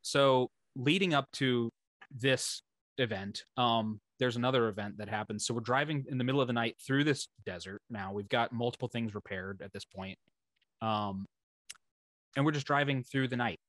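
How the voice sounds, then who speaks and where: Animated swearing man telling road stories. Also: mid-range voice, normal speed, no echo. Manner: animated storyteller, swears freely, acts out what others said. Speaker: band member telling tour stories. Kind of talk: casual podcast chat.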